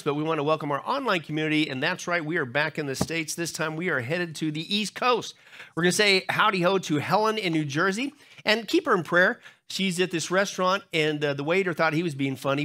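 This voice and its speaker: Bright-voiced joking pastor. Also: male voice, a little high. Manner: joking, loose and chatty, many fillers. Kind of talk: church announcements before a sermon. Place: church sanctuary.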